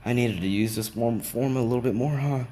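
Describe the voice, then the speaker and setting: A man's voice: mid-range voice, a little fast, dark tone, slight background noise, pitched above the performer's own voice, lightly acted. A man voicing Izuku, a laid-back cocky teen. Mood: offhand.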